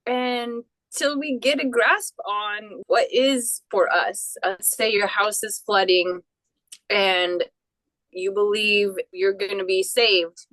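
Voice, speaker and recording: A woman guest telling her life story in an animated way, with frequent restarts and quoted voices acted out. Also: mid-range voice, slow pace, no room sound, rough recording. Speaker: interview guest. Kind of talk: personal storytelling.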